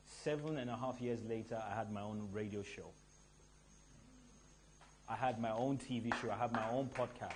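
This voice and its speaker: A man from Nigeria hosting a live event, telling stories to the audience in an animated, emphatic way from a stage mic. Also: fairly low pitch, normal speed, long pauses, slight background noise. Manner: animated storytelling with a rising, emphatic delivery. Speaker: event host.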